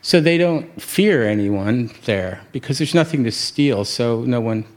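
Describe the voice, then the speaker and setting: A man from New York City telling a reflective personal story, often halting and restarting his words and chuckling at himself. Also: medium pitch, expressive, darkish tone. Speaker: speaker sharing a personal story.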